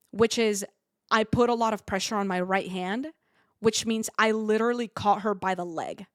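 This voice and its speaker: A young woman streamer telling a rambling, animated story in a casual way, full of fillers and asides. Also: mid-range voice, no echo, clean studio sound.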